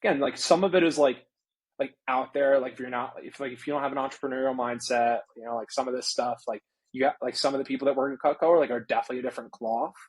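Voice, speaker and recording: A man in his late twenties, a recruiter talking as a guest in a casual interview, relaxed and filling his speech with "like". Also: mid-range voice, fast, breathy edge, poor audio. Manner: relaxed, heavy use of "like".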